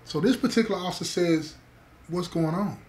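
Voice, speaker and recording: A man's voice: high voice, brisk, darkish tone, slight background noise. A man telling a story to listeners, emphatic, repeating key words and calling them "y'all". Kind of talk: spoken storytelling to an audience.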